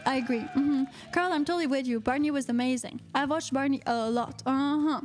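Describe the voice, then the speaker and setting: High-voiced Quebec French woman hosting playfully. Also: fairly quick. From Quebec, Canada. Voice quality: playful, theatrical, lots of uh-huhs and mm-hmms. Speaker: radio show host. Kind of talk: live-streamed chat show, reading viewer comments.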